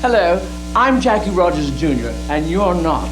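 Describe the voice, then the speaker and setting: A smarmy crooning lounge singer. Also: male voice, sits high, sing-song, moderate pace, voice pushed up. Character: pale lounge-singer son, adult man, smarmy. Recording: echoey archive clip with music.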